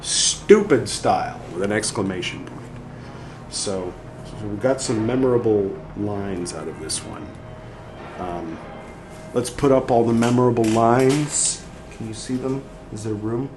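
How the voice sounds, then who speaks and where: Over faint background music, a male host with a lowish, darker-toned voice reads quotes aloud in an unhurried, dramatic, theatrical way, mixing in his own commentary.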